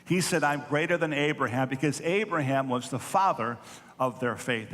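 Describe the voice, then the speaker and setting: A male pastor delivers a sermon in a church sanctuary, with his slightly high voice carrying a long echo around him. He speaks earnestly, repeating key phrases for emphasis and lifting his voice when quoting others. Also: normal speed, fairly bright tone. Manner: earnest preaching, repeats phrases for emphasis, rises on quoted lines. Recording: echoey church hall.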